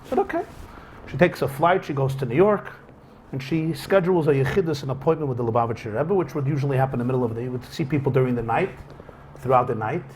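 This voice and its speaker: A man's voice: mid-range voice, fast, a little hiss or hum. A man teaching a class as a rabbi, telling a story as a lecture and acting out the dialogue. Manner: animated, acts out quoted dialogue. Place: lecture hall with a live audience.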